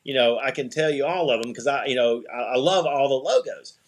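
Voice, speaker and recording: A man's voice: medium pitch, fairly quick. A middle-aged man, a podcast guest, telling a rambling story in a casual interview, restarting sentences and acting out quoted dialogue. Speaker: podcast guest, eyewear company owner.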